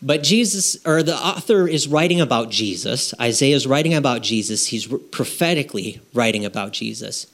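A man's voice: medium pitch, lively intonation, normal speed, hardly any pauses, a bit bright. A man preaching a sermon to his congregation in a conversational way, asking rhetorical questions and checking in with "okay?". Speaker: pastor. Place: church.

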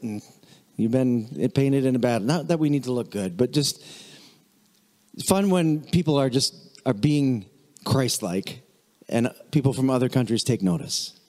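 A man preaching a casual, chatty sermon as pastor, animated and mimicking voices now and then. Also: mid-range voice, normal speed, in a large hall. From United States.

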